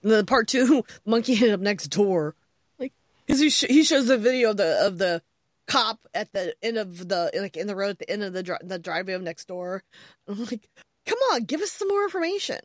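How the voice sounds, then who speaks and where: A woman co-hosting a podcast from home, telling a story in a lively, exclaiming way and laughing often. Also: medium pitch, brisk, dry recording. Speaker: podcast co-host. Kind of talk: casual chat. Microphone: headset earphones.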